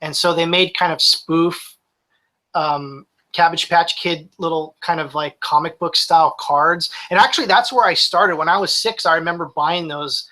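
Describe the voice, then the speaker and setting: A man's voice: a little high, normal speed, sharp tone, poor audio. A man in his forties, a reseller guest talking casually in a live-streamed interview, rambling with restarts.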